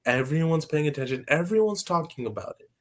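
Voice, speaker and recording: A man's voice: a little high, animated, fast talker. Blunt young man, casual podcast talk. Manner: blunt, offhand opinions. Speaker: co-host.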